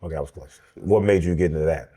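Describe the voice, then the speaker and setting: Deep-voiced host asking easy questions. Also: male voice, fast, mellow, slightly rough. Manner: curious, asks many questions, chuckles often. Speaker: show host. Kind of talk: casual chat over food. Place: restaurant.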